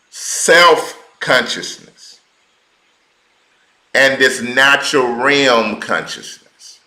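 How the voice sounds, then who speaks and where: A man teaching a sermon at a slow, deliberate pace, his voice bright and a little low. He repeats key words for emphasis and speaks in a loose, colloquial way. The room gives his voice a roomy echo. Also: animated. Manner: informal colloquial speech. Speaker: preacher.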